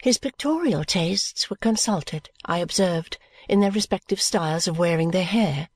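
A woman narrating an audiobook of a classic novel at a measured, even storytelling pace. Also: lowish voice, husky, no echo. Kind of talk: scripted narration.

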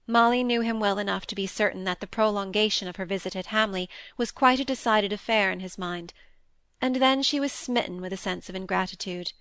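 A woman narrating a classic novel aloud in a measured, even way. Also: medium pitch, smooth, no echo, studio quality. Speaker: audiobook narrator.

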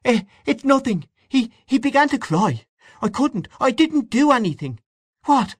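A man's voice: extremely high pitch, huge pitch swings, moderate pace, slightly rough, dry recording, pitched above the performer's own voice, heavily acted. A man doing a stammering panicked husband. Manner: stammering, pleading.

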